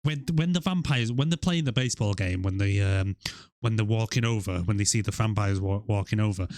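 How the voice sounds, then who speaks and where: A man's voice: lowish voice, brisk, darkish tone, no room sound, studio quality. A man co-hosting a podcast, roasting a film in casual, crude, jokey chat. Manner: crude, jokey, mocking voices of film characters. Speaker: podcast co-host.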